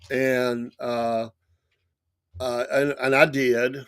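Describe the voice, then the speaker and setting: A middle-aged man hosting a morning show, telling stories in a casual, animated way with lots of restarts. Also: mid-range voice, takes it slowly, pauses often. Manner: animated, acts out quoted lines with laughs and restarts. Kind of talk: casual storytelling monologue.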